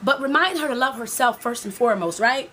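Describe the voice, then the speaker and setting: Preachy life coach woman, high voice. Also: lively intonation, a little fast, sharp tone. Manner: preachy, repetitive, talks straight to the viewer. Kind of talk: motivational video talk to women.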